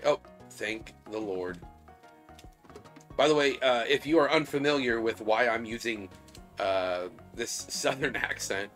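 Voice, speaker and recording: A man giving casual, chatty let's play commentary as a gaming YouTuber, relaxed and trailing off quietly. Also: on the low side.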